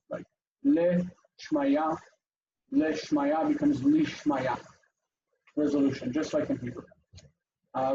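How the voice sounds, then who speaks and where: Man teaching over a video call, gravelly and mellow, animated rise and fall, dull lo-fi call audio with faint hiss. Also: on the high side. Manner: lively, explains step by step with many fillers. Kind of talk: online class teaching.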